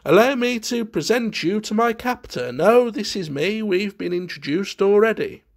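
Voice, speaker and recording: Man doing a jittery young gentleman, high tense voice, facetious. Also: expressive, moderate pace, gravelly. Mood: nervous. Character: nervous, self-conscious young gentleman.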